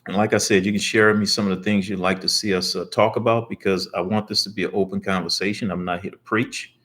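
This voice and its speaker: A man's voice: low voice, steady tone, fast, a bit bright. An older man hosting a talk show, easygoing and encouraging, with many fillers. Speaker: host. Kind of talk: casual talk show chat.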